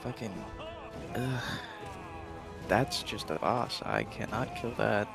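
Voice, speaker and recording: Man, gravelly low voice, lively swings in pitch, swears at the game, casual chat. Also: slow, over music. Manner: animated, exclaims and swears at the game. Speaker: co-player.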